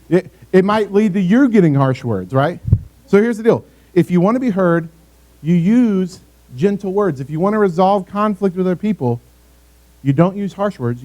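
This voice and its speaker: A young man preaching to a youth group in a relaxed, conversational way, often checking in with the room. His voice sits a little high, but the tone is dark and mellow. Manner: conversational, asks the audience for responses. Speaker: youth pastor. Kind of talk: youth ministry talk.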